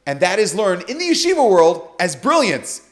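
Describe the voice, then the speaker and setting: A man's voice: sits high, wildly swooping pitch, normal speed. A man on a podcast, telling a story with animation and acting out the quoted dialogue. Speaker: guest speaker.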